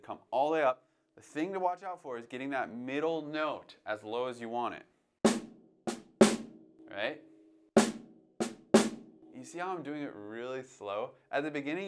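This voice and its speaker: A man teaching jazz drumming, calmly coaching and counting beats aloud between demonstrations. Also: medium pitch. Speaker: drum teacher. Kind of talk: instructional demonstration. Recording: drums playing behind the voice. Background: drum playing between phrases.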